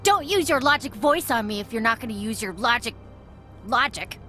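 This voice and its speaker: Bubbly, exasperated best friend in a game, bright sharp tone, slightly high. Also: female voice, expressive, normal speed, faint music behind. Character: exasperated, bubbly young woman, the detective's friend. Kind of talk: video game voice acting.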